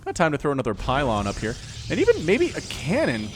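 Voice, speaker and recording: An American man giving excitable, chatty solo commentary on a strategy game, often talking straight to the players. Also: on the high side, fast talker, a little hiss or hum. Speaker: esports caster.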